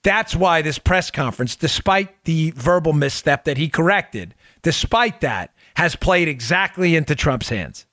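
High-voiced man delivering political commentary. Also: animated, a little slow, hardly any pauses, sharp tone, dry recording, studio quality. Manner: emphatic, sarcastic, repeats phrases for effect. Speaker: podcast host.

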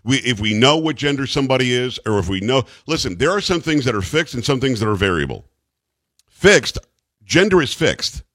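A male talk radio host who talks bluntly and emphatically, joking with his co-host between strong opinions. His voice sits at a middling pitch. The studio sound is close and dry. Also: very animated, a little fast, fairly bright tone, no room sound.

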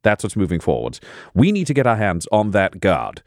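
A man playing a tabletop game, speaking in a measured, deliberate, questioning way. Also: on the low side, huge pitch swings, no room sound, studio quality. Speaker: player. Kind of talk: in-character tabletop play.

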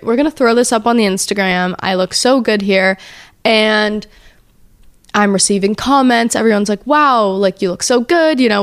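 A woman's voice: mid-range voice, no room sound, studio quality. A woman in her twenties hosting a podcast, telling a candid personal story in a chatty, emotional way with lots of "like". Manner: chatty, emotional, heavy use of "like". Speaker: podcast host.

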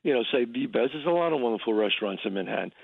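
A man, an actor guest, telling a story in a radio interview over the phone, halting and restarting as he acts out the quotes. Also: medium pitch, expressive, creaky, slightly rough, dry recording. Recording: tinny phone line.

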